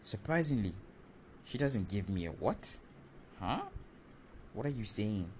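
Low-voiced man telling a story. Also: a little slow, slight background noise. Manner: animated, confessional, self-mocking. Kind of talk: first-person storytelling.

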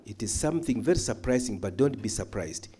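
A man teaching a Bible study in a church hall, emphatic, moving between loud calls and quiet asides. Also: medium pitch, animated, fairly quick, slightly rough. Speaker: pastor.

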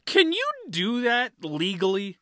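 A man's voice: sits high, big pitch swings, measured pace, sharp tone, no echo, clean studio sound. A man chatting casually on a podcast, hesitant and self-deprecating, with frequent ums. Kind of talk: casual chat.

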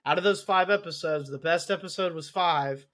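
Young male podcast co-host, relaxed storyteller, slightly higher voice. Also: normal speed. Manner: relaxed storytelling, quotes friends' reactions. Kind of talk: casual chat.

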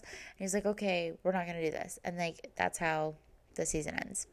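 A woman's voice: lowish voice, fairly even intonation, moderate pace. A woman hosting a podcast, recapping a reality TV season in casual chat, full of "like" and "um". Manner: chatty, fillers like "like" and "um". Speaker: podcast host.

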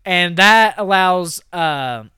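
A man co-hosting a movie podcast retells a plot in a loose, chatty way, full of "like" and "you know." His voice is bright and clear. It sits close and dry on the mic. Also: high voice, expressive, no room sound. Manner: retells scenes with quick quoted voices, many fillers. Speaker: podcast co-host. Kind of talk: casual movie recap.

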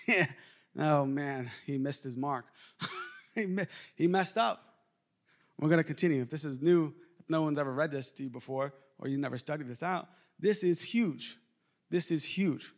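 A male pastor with a high voice preaches a sermon in an animated, conversational way. He often calls out to the congregation and chuckles between points. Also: moderate pace, long pauses.

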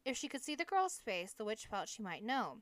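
A woman narrating a novel as an audiobook in a steady, measured reading. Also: on the high side, dry recording. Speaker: audiobook reader.

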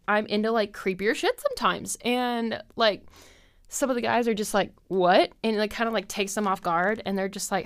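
A podcast host in her twenties talks off the cuff, drifting between tangents with plenty of fillers. Her voice is smooth and resonant, sitting at an ordinary middle pitch for a woman. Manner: chatty and scattered, heavy with fillers and frequent laughs. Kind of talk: rambling casual chat.

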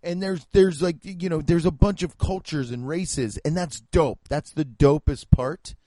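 A man's voice: on the high side, a little slow, dark tone, no echo. A young man ranting in a comic, profane, fired-up way, talking into a close mic. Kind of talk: comic rant.

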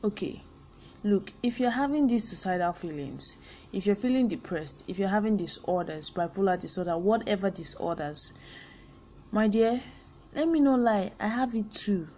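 A woman's voice: medium pitch, animated, normal speed, a little mellow, slight background noise. A young Nigerian woman hosting a personal podcast, speaking candidly and earnestly and slipping in pidgin phrases. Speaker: podcast host.

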